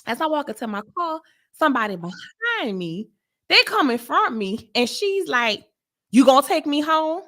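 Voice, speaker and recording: A woman with a bright, lively voice tells a story in a casual chat. She is blunt and animated, and laughs often. Her voice sits a little high and swings widely as she talks. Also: moderate pace. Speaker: podcast co-host.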